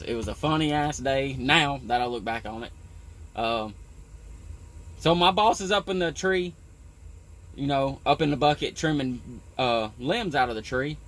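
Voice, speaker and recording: A man who works on a tree-trimming crew, telling a story in a rambling, profane way with lots of "you know". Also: mid-range voice. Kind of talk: casual storytelling.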